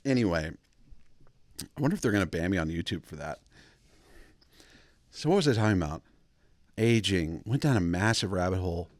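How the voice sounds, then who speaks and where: A man with a fairly low voice talks his way through a loose, rambling comic monologue as host of his own show. He wanders off on tangents, circles back, and chuckles at his own jokes. The sound is dry and close, with no room around it. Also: lively intonation, fairly quick, pauses often, no room sound. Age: adult father of kids. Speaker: podcast host.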